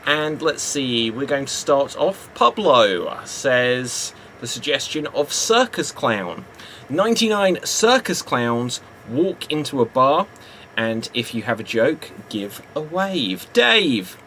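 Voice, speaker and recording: A man's voice: medium pitch, very animated, takes it slowly, a bit bright, slight background noise, poor audio. A man hosting an improv comedy show, patiently explaining the rules of a joke game.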